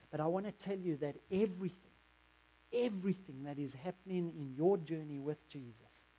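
A male pastor delivering a sermon with an earnest, direct address to his congregation. His voice sits a little high for a man. He speaks steadily and sincerely. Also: warm tone, a little hiss or hum, poor audio.

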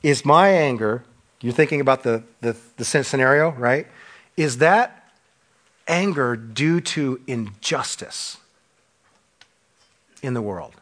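Impassioned male preacher, pitch swinging up and down. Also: expressive, slow, pauses often. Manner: impassioned, swings between loud emphasis and hushed drops; preaching with rhetorical questions to a congregation. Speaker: pastor. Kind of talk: sermon.

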